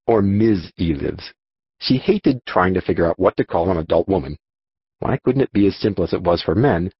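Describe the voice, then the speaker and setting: A man narrating a children's audiobook in an expressive storytelling manner. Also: deep voice, breathy edge, no room sound, highs cut off. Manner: expressive storytelling, voicing dialogue.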